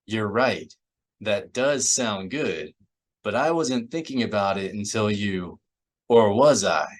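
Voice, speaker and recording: A man voicing an earnest, measured male Jedi master in an audiobook. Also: lowish voice, expressive. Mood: urgent.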